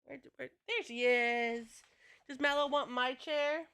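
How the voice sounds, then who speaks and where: A woman's voice: high voice, fairly even intonation, unhurried, bright, forceful tone, clear, resonant tone. A woman game streamer chatting casually to her live chat, rambling and swearing freely.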